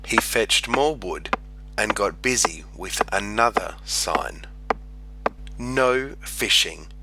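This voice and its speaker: A man reading a children's picture book aloud in an expressive storytelling manner. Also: on the low side, slow, heavy background noise. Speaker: storybook reader.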